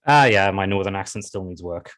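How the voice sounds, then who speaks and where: Low-voiced wry male podcast host. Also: fairly quick, a bit bright. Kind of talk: casual interview.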